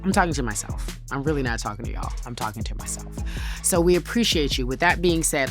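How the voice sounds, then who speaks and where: A woman's voice: a bass voice, lively intonation, a little fast, music in the background. A woman hosting a podcast, talking in an emphatic, conversational way and building her points in counted lists. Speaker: podcast host. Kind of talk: podcast monologue and interview.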